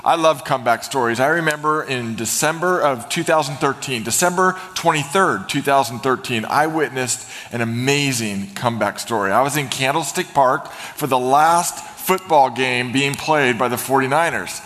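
Man, pastor, energetic sermon, storytelling, long reverb. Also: mid-range voice, normal speed, hardly any pauses. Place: church sanctuary.

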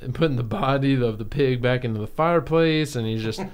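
A man guest on a comedy podcast improvising an absurd story in an unhurried, halting way. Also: mid-range voice, clean tone.

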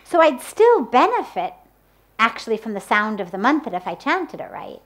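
A woman giving a spiritual talk on the power of sound, speaking deliberately and using everyday examples. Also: fairly high pitch, sing-song. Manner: slow, deliberate, with spoken examples. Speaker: spiritual teacher. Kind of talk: spoken talk on mantras.

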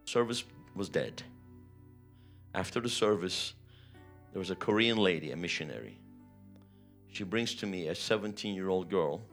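Low-voiced pastor telling a testimony. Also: male voice, animated, moderate pace, long pauses, fairly bright tone, soft background music. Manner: emotional, vivid retelling with rising intensity. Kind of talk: sermon testimony storytelling.

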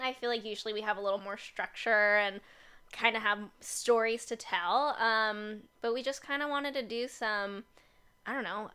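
A woman's voice: fairly high pitch, sharp tone, smooth. A young woman co-hosting a casual podcast in a basement home studio, playful and teasing. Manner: playful, teasing, laughs often. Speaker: podcast co-host. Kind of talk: casual chat.

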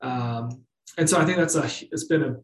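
A man's voice: medium pitch, normal speed. Casual man, loose conversational delivery, distant roomy mic. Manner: conversational, many fillers and restarts. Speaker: guest. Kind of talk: casual business chat.

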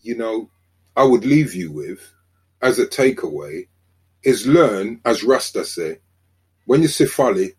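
An older man with a South London accent, a sociologist guest on a podcast, telling lively stories and acting out quoted dialogue. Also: lowish voice, unhurried, long pauses, breathy edge. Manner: animated storyteller, acts out quoted dialogue. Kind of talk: conversational podcast interview.

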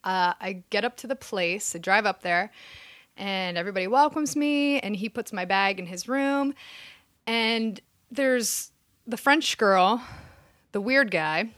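A woman's voice: medium pitch, measured pace, no room sound, clean studio sound. A woman in her thirties casually telling a personal story, acting out what people said. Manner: animated storyteller acting out quotes. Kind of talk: casual anecdote.

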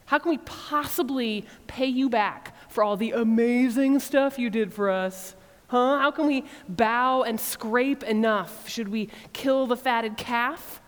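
A woman's voice: a little high, normal speed, few pauses, lightly acted. A woman preacher voicing defensive people who mock with exaggerated sarcasm. Recorded in a reverberant church hall. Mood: sarcastic.

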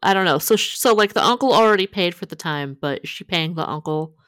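A woman co-hosting a casual advice chat, opinionated and quick with asides. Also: fairly low pitch, animated, a bit bright. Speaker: podcast co-host.

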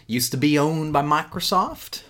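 A man's voice: a little high, expressive, unhurried, a bit bright. A man co-hosting a gaming podcast in casual chat, profane, rambling and joking. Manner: profane, rambling, jokey, lots of laughs. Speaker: podcast co-host.

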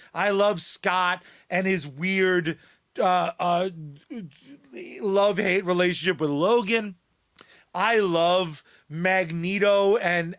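Male podcast co-host, high voice, unhurried, sardonic and profane. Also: a bit bright. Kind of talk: casual podcast chat.

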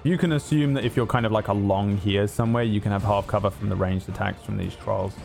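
A man's voice: lowish voice, steady tone, quick pace, gravelly, a little mellow, faint music behind. A man narrating as game master, vivid and dryly teasing toward the players.

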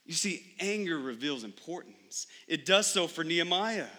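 A young adult male pastor preaches a sermon in church with a slightly high, pushed and bright voice, lively intonation and moderate pace. His style is conversational, with frequent rhetorical questions to the congregation.

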